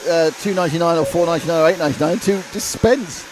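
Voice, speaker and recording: A man's voice: a little high, quick pace, noisy background. A man co-hosting casual live race commentary, joking and rambling through banter with his co-host. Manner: jokey, rambling, animated banter. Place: indoor RC race track venue.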